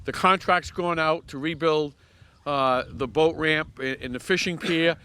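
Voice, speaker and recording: A man's voice: on the high side, normal speed, sharp tone. A man hosting an outdoor dedication ceremony, casual and directing people. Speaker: ceremony host. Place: outdoors at a pond.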